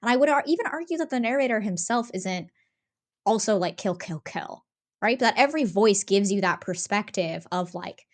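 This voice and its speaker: Woman, podcast co-host, casual chat, animated and talkative, medium pitch. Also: a little fast. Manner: talkative, animated, many fillers and restarts. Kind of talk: casual discussion.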